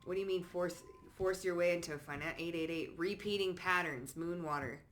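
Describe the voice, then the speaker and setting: A woman doing a casual spoken card reading, blunt and sassy, swearing freely and calling the listener honey and baby, jumping from low asides to loud outbursts. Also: brisk, a little hiss or hum. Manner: blunt, sassy, peppered with swearing and pet names; emphatic, swings between low asides and loud bursts. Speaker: psychic card reader.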